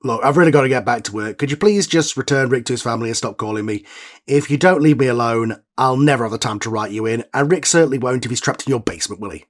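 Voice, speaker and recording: A man's voice: mid-range voice, quick pace. A man playing himself as the show's writer in a scripted comedy sketch, weary, exasperated and matter-of-fact. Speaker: writer and creator of the show.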